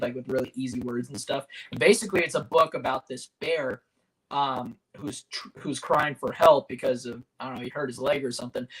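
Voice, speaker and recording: A man's voice: mid-range voice, a bit bright, husky, poor audio. A man hosting a casual movie watch-along, telling stories with lots of laughter. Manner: chatty storyteller, laughs often. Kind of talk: casual chat.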